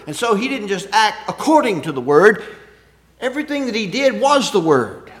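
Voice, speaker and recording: A man with a high-sitting, very animated voice preaches at normal speed in a conversational way. He leans on rhetorical questions and jumps from loud emphasis to quiet asides.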